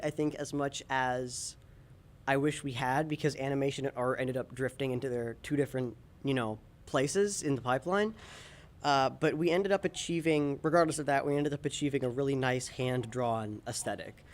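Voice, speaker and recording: A man's voice: medium pitch, moderate pace. A young man, a student animator, chatting casually on a panel about a class game project, easygoing with frequent ums. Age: young adult.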